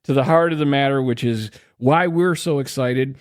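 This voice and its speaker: A man's voice: mid-range voice, moderate pace, no echo, clean studio sound. A man hosting a podcast in casual chat, joking and crude in his banter. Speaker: podcast host.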